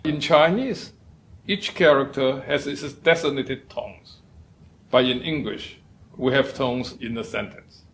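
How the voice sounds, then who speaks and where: A male professor giving a lecture, speaking deliberately and demonstrating sounds aloud. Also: mid-range voice, fairly bright tone, a little hiss or hum. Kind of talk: lecture on poetry and tones.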